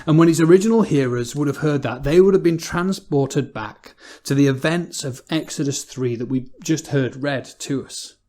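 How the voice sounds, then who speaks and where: An English preacher delivers a sermon in a church in an easy, conversational way. His voice is mellow and warm and sits in a middle pitch, and he often repeats a word before moving on. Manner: conversational, repeats words as he goes.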